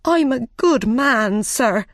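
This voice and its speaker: A woman's voice: on the high side, expressive, slow, no room sound, voice pushed up. A woman playing a frightened hatter who pleads in a raised, anxious voice. He is in a storybook and is eager to be believed, and his delivery is close and dry. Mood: nervous. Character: nervous, frightened male hatter on trial.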